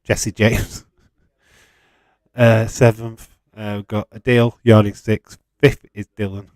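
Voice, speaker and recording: Yorkshire bloke, stream host, low-ish voice, dry close mic, relaxed and chuckly. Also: male voice, slow pace, no echo. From England. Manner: chatty and laid-back, chuckling often, light swearing. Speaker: livestream host. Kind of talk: casual live-stream chat, reading out viewer comments.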